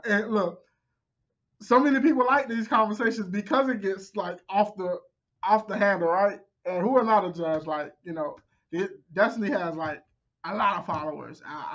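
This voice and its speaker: A man's voice: high-pitched, fairly bright tone, muffled recording. A man reacting to a debate clip with casual, conversational commentary, often repeating himself for emphasis.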